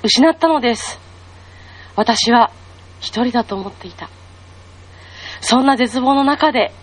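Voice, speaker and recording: Brief: actress voicing a young woman mourning her teacher; high, breathy, half-whispered, questioning. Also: low-quality recording. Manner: hushed, questioning, tearful monologue. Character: grieving young woman, unmarried disciple. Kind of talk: devotional dramatic monologue.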